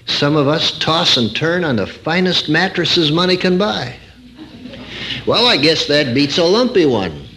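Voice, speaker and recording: A man's voice: on the high side, sing-song, unhurried, fairly bright tone. An older man preaching a sermon, quoting scripture and telling a story with rising emphasis.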